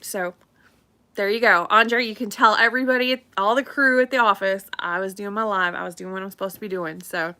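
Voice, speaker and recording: A woman's voice: mid-range voice, fairly even intonation, fairly quick, pushed and bright. A middle-aged woman, a real estate agent chatting casually on a live stream, rambling and laughing often.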